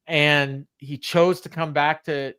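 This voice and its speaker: A man co-hosting a wrestling recap podcast in casual chat, laughing often and filling pauses with "uh". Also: a little high, steady tone, bright, forceful tone, smooth, dry recording, studio quality. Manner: chatty, laughs often, many fillers. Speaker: podcast co-host.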